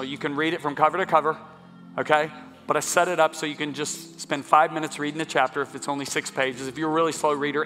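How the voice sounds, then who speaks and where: A man's voice: fairly high pitch, bright, forceful tone. A man preaching as a guest speaker, fervent and exhorting, leading a healing prayer and talking to the crowd. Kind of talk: sermon with healing prayer and book talk. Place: large church sanctuary. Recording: long hall reverb, faint music.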